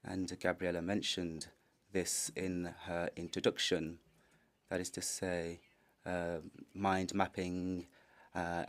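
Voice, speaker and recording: A man interpreting a panelist's Spanish into English on the fly, halting with many fillers. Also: low-pitched. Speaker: conference interpreter. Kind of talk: simultaneous interpretation.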